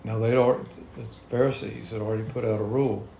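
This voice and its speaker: A man leads a Bible study, reading scripture and then unpacking it in everyday words. His voice sits low with a gravelly edge. The room around him echoes, with a faint hum behind. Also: fairly even intonation, fast, mellow. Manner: reads scripture then explains it in plain talk.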